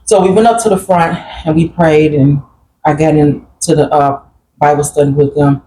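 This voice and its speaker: A woman's voice: deep voice, steady tone, moderate pace, background noise. A woman guest earnestly recounting a personal grief story in a plain-spoken group conversation. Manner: earnest, plain-spoken, quotes family members while recounting.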